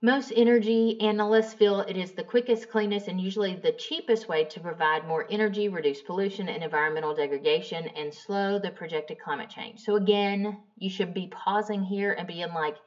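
A young adult woman teaching a class in a casual, chatty lecture style, mixing in lively stories. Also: medium pitch, brisk, few pauses, recorded from a distance. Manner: chatty, animated storyteller acting out dialogue. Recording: dull lo-fi recording.

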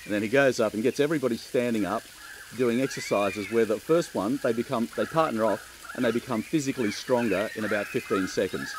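A middle-aged man with an Australian accent, giving chatty, relaxed interview answers and laughing easily. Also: mid-range voice, a little fast, noisy background. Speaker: keynote speaker.

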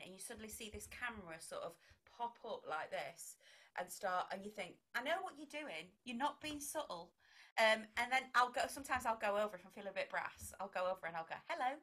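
A woman's voice: medium pitch, fast talker, sharp tone. A middle-aged woman, a vicar and broadcaster, chatting in an interview and acting out quoted exchanges. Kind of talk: conversational interview.

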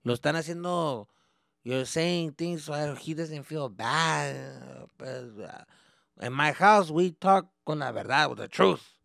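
A man voicing his irritated, tired father, who shouts scoldings in Spanish after work. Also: fairly high pitch, slow, gravelly, dry recording, studio quality, pitched above the performer's own voice, heavily acted. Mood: blunt.

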